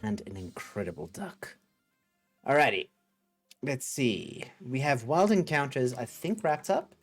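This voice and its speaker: A man hosting a casual coding livestream, thinking aloud and chatting with viewers in a rambling, upbeat way. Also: mid-range voice. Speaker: livestream host.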